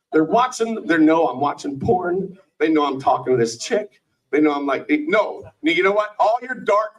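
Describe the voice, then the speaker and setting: A man's voice: high voice, lively intonation, moderate pace, far from the mic, rough recording. A middle-aged man doing a rambling, profane stand-up set in a small bar, often stopping himself mid-thought. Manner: rambling, profane, self-interrupting. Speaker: stand-up comedian and show host.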